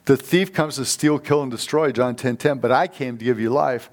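A man's voice: mid-range voice, moderate pace. Fired-up male preacher telling stories. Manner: fired-up, storytelling, calls for amens. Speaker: guest preacher. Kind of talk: sermon. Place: church sanctuary.

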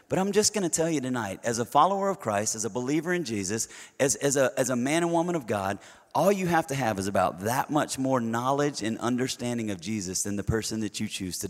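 A middle-aged man preaching a sermon at a mid pitch, his voice carrying a long hall reverb through the church sanctuary. He speaks conversationally, peppering the congregation with rhetorical questions and stumbling into repeated words as he restarts his thoughts.

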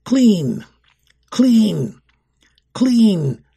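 A man's voice: high-pitched, big pitch swings, very slow, vocal fry, mellow, slightly rough, pitched above the performer's own voice, full character voice. A man shrieking as a cruel orphanage guard woman. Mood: barking. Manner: barking harsh orders.

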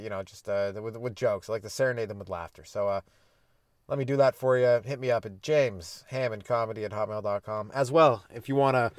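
A man's voice: medium pitch, clear, resonant tone, no room sound, studio quality. A man hosting a podcast as a stand-up comedian, riffing crudely and rambling through jokes in a casual monologue.

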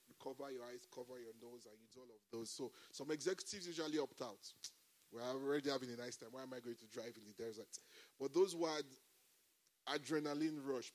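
A man preaching a sermon, animated and humorous, breaking into shouts of praise and chuckles as he tells stories. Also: mid-range voice. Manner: animated, frequent exclamations of praise; folds laughter and humor into preaching. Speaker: pastor.

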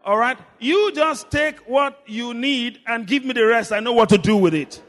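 A man preaching a sermon, leading the congregation in call and response, swinging between shouts and low murmurs. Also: moderate pace, long reverb tail. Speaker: pastor.

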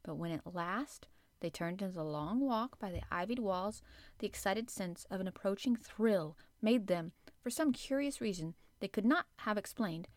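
A woman reading a classic children's story aloud in a gentle, measured way. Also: mid-range voice, animated, no echo. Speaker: audiobook reader. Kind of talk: storybook narration.

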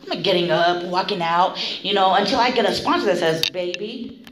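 A woman's voice: lowish voice, fairly quick, reverberant, background noise. A middle-aged woman speaking at a recovery meeting, telling her story bluntly with plenty of swearing and laughter. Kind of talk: candid storytelling share.

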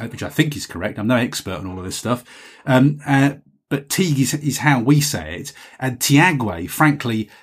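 A man's voice: mid-range voice, husky. A man hosting a podcast, chatting casually and reading out listener messages in a rambling, self-correcting way. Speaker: podcast host.

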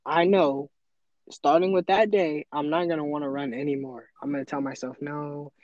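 Teen guy hyping up his friend, earnest, slightly high voice, flat lo-fi sound. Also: normal speed, no echo. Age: teens. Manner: earnest, motivational, quotes himself in voices. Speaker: podcast co-host. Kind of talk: casual chat.

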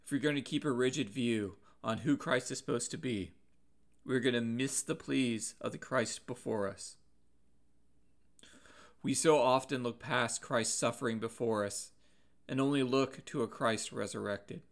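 A man preaching a sermon in an earnest, measured way, pausing now and then and restarting a word. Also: medium pitch, vocal fry.

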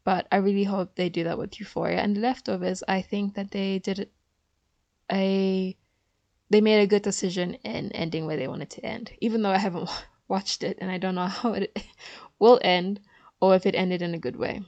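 A woman's voice: mid-range voice, steady tone, moderate pace, darkish tone, dry recording, highs cut off. A woman vlogging in a casual chat, chatty and opinionated, with frequent fillers.

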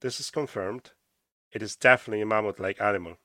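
A man's voice: lowish voice, fast, pushed and bright, no echo, studio quality. A man with an Irish accent hosting a podcast, reading from a diary aloud with stumbles and casual asides. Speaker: podcast host.

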